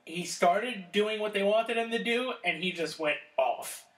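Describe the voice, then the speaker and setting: A man co-hosting a podcast, chatting casually about wrestling, excitable and swearing often. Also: high voice, unhurried, echoey room. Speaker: podcast co-host.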